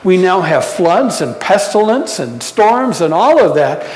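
Pastor, sermon, slow deliberate delivery, animated pitch, echoey church hall reverb. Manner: unhurried, asks the congregation questions, light humor. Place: church sanctuary.

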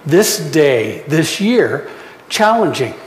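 A man from the United States preaching a sermon in a slow, reflective way with pauses, recorded with a roomy echo and long reverb. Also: on the high side, very animated. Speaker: pastor.

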